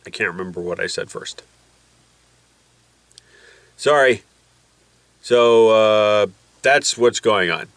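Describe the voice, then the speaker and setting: A man's voice: lowish voice, slow pace, long pauses, smooth, no room sound. Chatty man with a blocked nose. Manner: animated storytelling with jokey voices. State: nose packed with a nasal balloon. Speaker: vlogger. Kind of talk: rambling personal vlog.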